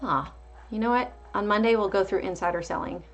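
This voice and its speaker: A woman's voice: mid-range voice, a little fast. Chatty woman calling out stock levels. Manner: chatty, reads out price levels, answers viewer chat. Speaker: livestream market host. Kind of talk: casual live market commentary.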